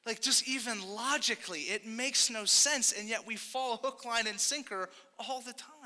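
A young man delivers a sermon in a relaxed, conversational style, throwing in asides to his listeners. His voice sits high and sounds very bright. A long hall reverb trails behind him. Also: normal speed. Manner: casual, conversational preaching with frequent asides. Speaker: pastor.

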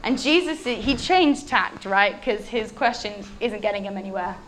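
A woman preaching a sermon with lively, animated storytelling. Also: mid-range voice, moderate pace, slight background noise.

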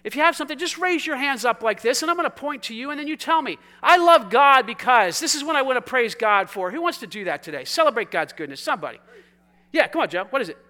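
A man preaching a sermon, talking with his congregation in a conversational, energetic way that swings from quiet asides to loud, exuberant calls. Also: very high-pitched, fast. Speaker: pastor. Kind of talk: sermon with congregation call-and-response.

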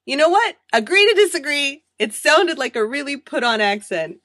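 A woman co-hosting a podcast in casual chat, playful and quick to laugh. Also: sits high, no room sound, clean studio sound. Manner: laughs often, animated and playful. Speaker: podcast co-host.

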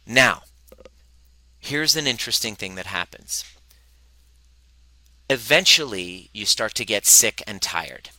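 A man coaching a live workshop audience, animated and profane, who speaks to them directly and acts out the voices of the people he quotes. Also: lowish voice, no echo, rough recording. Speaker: relationship coach.

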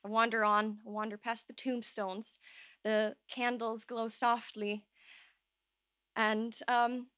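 A woman telling a true personal story live on an open-air stage, emotional and halting, voice shaking at times. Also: a little high, level tone, a bit bright, clean tone, no room sound, clean studio sound.

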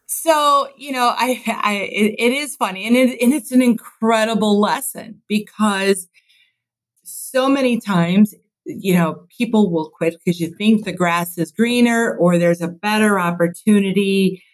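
In poor audio, a Chicago woman in her fifties speaks in an unhurried, mid-range voice. She's a construction executive appearing as a podcast guest, telling stories in a casual interview, earnest and reflective and laughing at herself.

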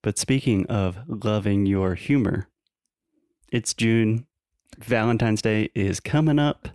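A man's voice: lowish voice, slow pace, a little mellow, clean tone, dry recording, clean studio sound. A man co-hosting a casual podcast and teaching English, teasing his co-host and explaining pronunciation.

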